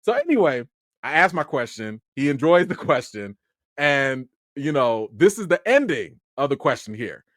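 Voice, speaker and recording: Animated excitable man telling a story. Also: medium pitch, moderate pace, no room sound, studio quality. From Chicago. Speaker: film critic and channel host. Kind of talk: livestream storytelling.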